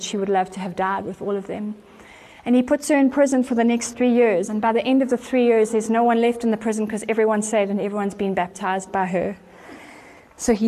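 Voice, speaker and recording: A woman preaching from a church stage, retelling an old story with earnest conviction. Her voice sits at a middle pitch. She tells the story in an animated way and brings quoted voices to life as she goes. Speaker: church speaker. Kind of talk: storytelling sermon.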